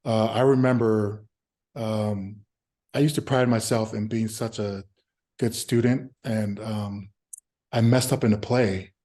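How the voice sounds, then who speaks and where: Low, mellow-voiced man in an interview. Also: fairly even intonation. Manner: halting, many filler sounds and restarts; easygoing, acts out remembered exchanges. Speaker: former pro football player, interview guest. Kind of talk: interview answers, reminiscing.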